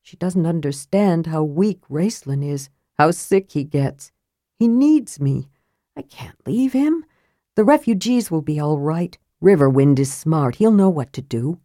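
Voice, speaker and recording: A woman voicing an earnest young warrior man who pleads softly and talks with a hushed, worried sincerity. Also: low-pitched, lively intonation, unhurried, no echo, clean studio sound.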